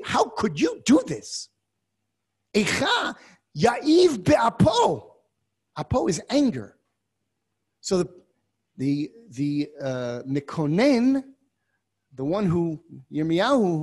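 A high, husky male voice teaching a class on scripture. His pitch leaps around, and he moves from soft asides to loud, dramatic readings of verses. He scatters Hebrew terms through the lesson. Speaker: Torah teacher. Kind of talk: lecture on a biblical text.

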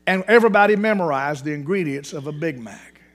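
A male pastor delivers a sermon with a notably high voice for a man. He talks in an animated way, doubling back over words and stacking terms for emphasis. It is recorded in a church. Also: brisk. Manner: animated, repeats words for emphasis, restarts often. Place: church sanctuary.

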